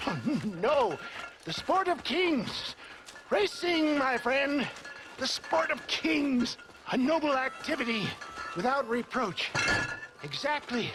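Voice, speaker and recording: A man's voice: very high-pitched, full character voice. An actor playing a pompous, wordy older snake-oil salesman who talks in florid, theatrical phrases. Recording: game audio with background noise.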